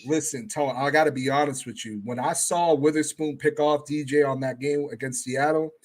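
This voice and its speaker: A man on as a guest talks football in a relaxed, measured way, hedging his points as he goes. His voice sits a little higher than most men's. It is an easygoing, conversational delivery. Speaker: guest fan analyst. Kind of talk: casual sports talk.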